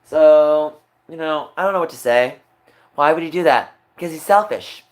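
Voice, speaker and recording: At a normal speed, a man streaming live vents his feelings in a rant that moves between muttering under his breath and speaking loudly.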